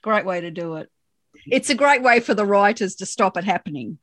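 An Australian woman co-hosting a casual chat about a TV episode, animated and acting out lines from scenes. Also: mid-range voice, brisk, no room sound, clean studio sound. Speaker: podcast co-host.

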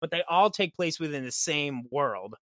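A man on a podcast chatting as a guest game master, telling lively stories and acting out what his players and characters said. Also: on the high side, normal speed, dry recording. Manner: lively storyteller who acts out quoted characters. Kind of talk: casual podcast chat.

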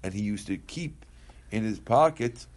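A man's voice: fairly low pitch, lively intonation, measured pace, crowd noise. A man leading a Talmud class in a casual, conversational way. He reads Aramaic lines, translates them into English, asks questions aloud and answers students. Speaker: Talmud teacher.

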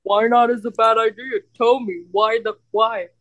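Bright-voiced woman, playful bickering. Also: fairly high pitch, fairly even intonation, moderate pace, lo-fi sound. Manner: playful bickering, laughs often. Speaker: podcast co-host. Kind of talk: casual couple chat.

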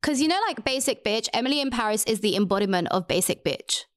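A woman's voice: fairly high pitch, expressive, quick pace, fairly bright tone, dry recording, clean studio sound. Heated, foul-mouthed young woman podcaster. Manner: heated, swears a lot. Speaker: podcast co-host. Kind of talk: casual ranting podcast chat.

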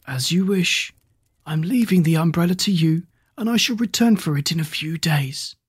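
A narrator doing a hoarse, wise old man. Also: mid-range voice, no echo, clean studio sound. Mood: calm. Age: older. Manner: slow, calm and kindly. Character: mysterious wise old man with a strange cane.

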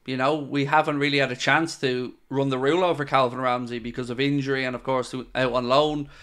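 A man's voice: medium pitch, level tone, a little fast, a bit bright, clear, resonant tone. An Irish man hosting a live stream, answering viewer questions in a frank, chatty way and calling them mate. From Ireland. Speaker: host of a football fan channel.

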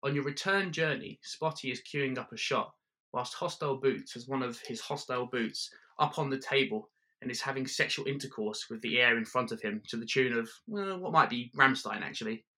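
A man telling a comic story in a dry, deadpan way, full of detailed asides. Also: medium pitch, normal speed. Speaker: comedian. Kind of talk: comic second-person storytelling.

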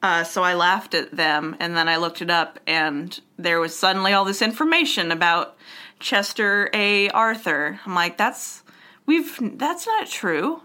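This young woman has a bright, forceful tone. She co-hosts a casual podcast and tosses off playful jokes and asides in an easy back-and-forth. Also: lowish voice, moderate pace, clear, resonant tone. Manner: playful, jokey banter with trailing asides. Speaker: podcast co-host. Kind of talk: casual chat.

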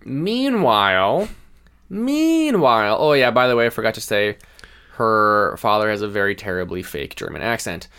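A man co-hosting a podcast, casually chatting through a film and retelling its scenes in a lively way. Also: lowish voice, a little fast, clean tone. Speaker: podcast co-host. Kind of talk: casual movie-review chat.

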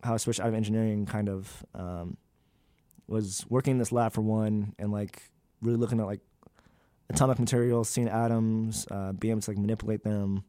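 Young man, low mellow voice, rambling. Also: flat delivery, a little fast, no room sound, clean studio sound. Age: young adult. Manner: rambling, many "like" fillers. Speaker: graduate student interviewee. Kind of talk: candid casual interview.

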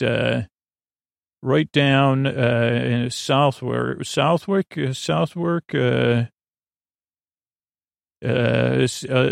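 A man with a gravelly, creaky voice, recorded close and dry, retells a story in a meandering way. He stumbles over words, restarts his sentences and paraphrases the characters' lines casually. The pitch sits in an ordinary middle range for a man. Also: dry recording. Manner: halting, many fillers and restarts, quotes characters loosely. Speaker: podcast host retelling an episode.

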